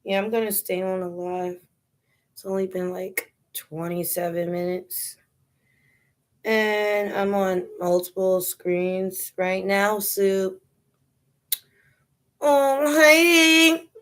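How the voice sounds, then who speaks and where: Slow-talking New York woman on a livestream. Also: medium pitch, fairly bright tone. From New York City. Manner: unhurried, drawn-out talk with frequent laughter and slang. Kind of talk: casual live stream chat.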